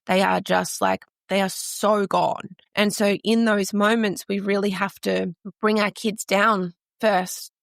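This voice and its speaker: A middle-aged Australian woman speaking as a podcast guest, her voice carrying a gravelly fry at mid pitch. She tells personal stories earnestly and often restarts mid-sentence. The recording is dry and close. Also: flat delivery, slow, few pauses, dry recording. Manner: earnest, storytelling, frequent restarts. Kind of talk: conversational podcast interview.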